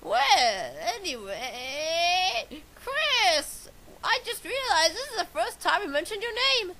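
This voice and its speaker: A woman recording fan dub takes in a very high voice with a gravelly, creaky edge. She talks slowly, keeps flubbing and breaking off her lines, and her home recording carries a loud hiss of noise. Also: very animated. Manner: stumbling, cutting off and restarting lines. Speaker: fan dubber.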